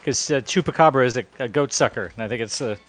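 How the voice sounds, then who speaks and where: A man's voice: mid-range voice, quick pace, a bit bright. A man co-hosting a live cooking stream, cracking jokes and puns while he cooks. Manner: joking, full of puns. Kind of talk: casual chat while cooking.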